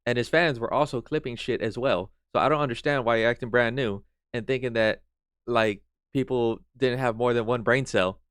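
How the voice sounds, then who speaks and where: Smooth-voiced man ranting in exasperation. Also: mid-range voice, normal speed, fairly bright tone, dry recording, studio quality. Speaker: streamer reacting to a video. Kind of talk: reaction stream commentary.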